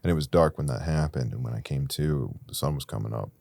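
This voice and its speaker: A young man as a podcast guest, candidly telling a rambling story about his recovery and rising to loud, intense peaks. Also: a bass voice, quick pace, vocal fry, dry recording.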